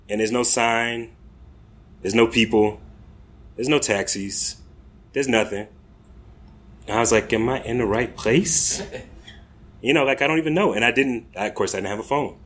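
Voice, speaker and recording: A man's voice: lowish voice, fairly bright tone, a little hiss or hum. An American man telling a rambling comic story on a comedy club stage, casual and laughing at his own tale. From United States.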